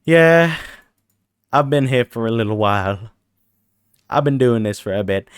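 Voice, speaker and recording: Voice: mid-range voice, lively intonation, normal speed, long pauses, clear, resonant tone, no echo. Tired streamer joking with chat, bouncy voice, dry close mic. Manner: playful, reads chat aloud, teasing back. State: tired after a long stream. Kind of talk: casual live-stream chat while gaming.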